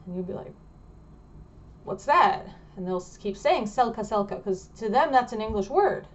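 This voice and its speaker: A woman's voice: mid-range voice, animated, fairly quick, darkish tone, lo-fi sound. A woman vlogger explaining things in a casual, rambling way, full of fillers and restarts.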